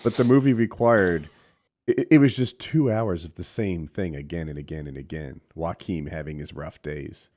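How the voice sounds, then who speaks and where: A man co-hosting a podcast, giving a critical opinion of a film with halting restarts. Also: low-pitched, a little mellow. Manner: critical, hesitant, many restarts. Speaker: podcast co-host. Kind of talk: casual movie review chat.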